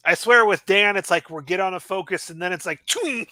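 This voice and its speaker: High, bright-voiced chatty man. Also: steady tone, brisk. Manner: chatty, chiming in. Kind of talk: casual chat.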